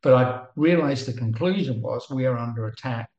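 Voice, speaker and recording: A man's voice: medium pitch, moderate pace, a little mellow, lo-fi sound. An older man, a retired researcher co-hosting, talking at length in a rambling way with restarts and emphatic asides, over a remote call. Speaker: co-host. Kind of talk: conversational monologue. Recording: echoey room.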